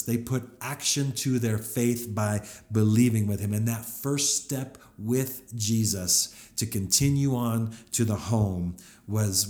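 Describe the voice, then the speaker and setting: A man's voice: fairly low pitch, darkish tone. A man preaching a sermon, talking it through conversationally and acting out the quotes he reads. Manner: conversational, with frequent restarts and acted-out quotes. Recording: roomy echo.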